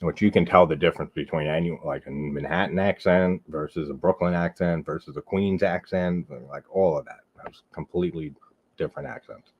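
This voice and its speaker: A low-pitched man rambles through a casual live-stream chat, leaning hard on "like" and tossing in swear words. The recording sounds dull and lo-fi. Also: brisk, slightly rough. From Long Island, New York. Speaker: host of a horror movie live stream.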